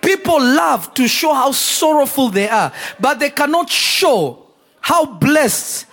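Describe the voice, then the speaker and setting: A man preaching a sermon to a church congregation, shouting out points and acting out quotes. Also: very high voice, sing-song, slow. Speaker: pastor. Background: congregation responding.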